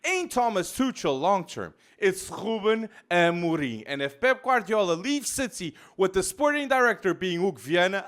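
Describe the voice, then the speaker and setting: Animated host. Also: male voice, high voice. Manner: animated, emphatic rants with frequent restarts. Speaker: podcast host. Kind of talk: casual football podcast talk. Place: Portugal.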